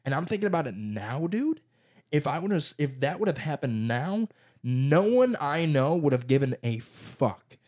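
A man's voice: mid-range voice, moderate pace. A young man in casual chat, telling childhood stories with lots of swearing and put-on voices. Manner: profane, animated storytelling with put-on voices.

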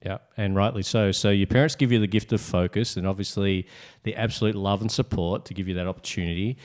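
Low-voiced male interview host. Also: fast. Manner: long, flattering summarizing questions. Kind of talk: interview questions.

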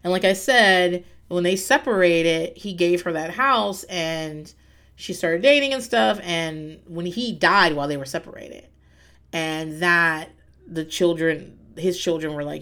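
A woman's voice: lowish voice, unhurried, fairly bright tone. Chatty, blunt woman recapping a show. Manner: chatty, blunt, swears freely, laughs often. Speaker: reality TV recapper. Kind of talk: casual recap monologue.

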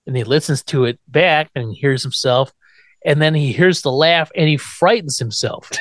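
Man, podcast co-host, higher voice, casual recap, chuckling, dry close sound. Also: moderate pace, a bit bright, no room sound. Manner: recaps scenes step by step, chuckling often. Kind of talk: casual episode recap chat.

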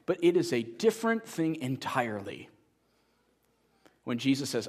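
A man preaching a sermon as pastor, telling a story with lively energy and then making a quiet, earnest appeal to the congregation. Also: medium pitch, normal speed, pauses often, slightly rough.

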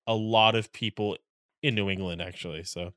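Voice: low voice, fairly even intonation, normal speed, fairly bright tone, dry recording. A podcast co-host chatting casually, telling rambling stories and dropping dry wisecracks. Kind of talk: casual chat.

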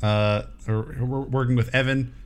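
A male podcast co-host jokes around and laughs freely during a casual chat. His voice is mid-range and steady, and he talks a little slowly.

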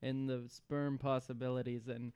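A man's voice: mid-range voice, flat delivery, normal speed, darkish tone, clean tone, no echo. A man co-hosting a podcast, chatting in a laid-back way with crude jokes. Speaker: podcast co-host. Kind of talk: casual chat.

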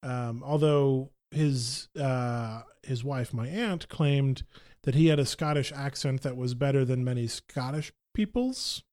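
A man co-hosting a casual chat, wry and hesitant, drawing out his words with pauses. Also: mid-range voice, a little mellow.

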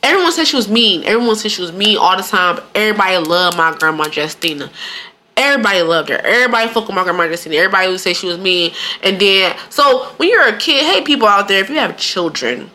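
A woman's voice: mid-range voice, fast. A young woman co-hosting a casual podcast, telling family stories with lots of laughter and acted-out quotes. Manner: animated storytelling, laughs often, acts out quotes. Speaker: podcast co-host.

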